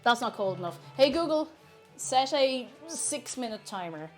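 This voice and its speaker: A woman's voice: on the high side, expressive, measured pace, darkish tone, faint music behind. An Irish woman live-streaming from her kitchen while baking, chatting casually, reading viewers' messages aloud and laughing often.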